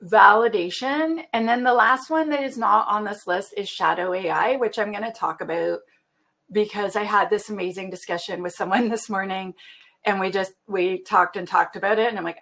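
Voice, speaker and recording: A woman's voice: mid-range voice, normal speed, vocal fry, a bit bright. A Canadian woman presenting a webinar in a chatty, casual way, laughing often and using lots of fillers.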